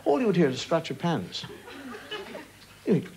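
A man's voice: fairly high pitch, normal speed. A man in his fifties with an Irish accent, a chat show guest telling comic stories with wry asides and acted-out punchlines. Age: 50s. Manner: animated anecdotes with wry asides, acting out punchlines. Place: TV studio before an audience. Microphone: studio broadcast mic. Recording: old TV broadcast with loud hiss and studio audience laughter.

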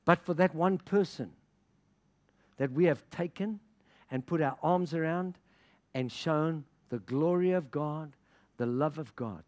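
Speaking unhurriedly and pausing often, a middle-aged pastor from Africa preaches in a fairly high voice. His sermon is full of passionate storytelling, laughter, and dialogue he performs as the people involved.

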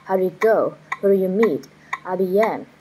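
A woman reading short practice phrases aloud one at a time, in an even, measured way, as in a pronunciation drill. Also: lowish voice, background noise.

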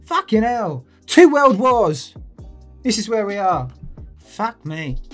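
A man's voice: sits high, sing-song, takes it slowly, a bit bright, soft background music. A man hosting a comedic rant, sweary and sarcastic, with mocking outbursts. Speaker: host.

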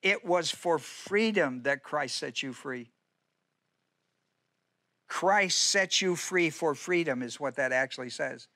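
Bright-voiced man preaching a sermon. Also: fairly high pitch, takes it slowly. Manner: conversational, repeats and restarts phrases, rhetorical questions. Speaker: pastor.

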